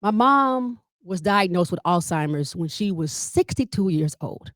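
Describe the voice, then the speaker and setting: A woman comedian and family caregiver leading a workshop, telling stories with humor and talking straight to her audience, often jumping up in pitch to act out what people said. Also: measured pace, dry recording, clean studio sound. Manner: lively storyteller who addresses the audience directly; acts out quoted dialogue with big pitch jumps.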